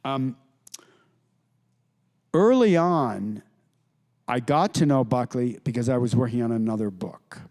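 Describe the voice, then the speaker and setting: A middle-aged man, an author, telling anecdotes to a live audience, with halting restarts and quoted voices. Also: medium pitch, lively intonation, darkish tone. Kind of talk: storytelling talk to an audience. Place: lecture hall with audience.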